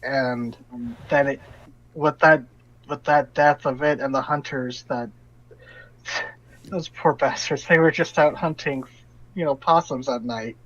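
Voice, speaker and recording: A man runs a tabletop game as game master, retelling a frightened character's account and often stopping to restart his sentences. His voice sits at an ordinary pitch and comes through a dull, lo-fi voice chat recording. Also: fairly even intonation, fairly bright tone. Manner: halting, restarts often while relaying an NPC's story.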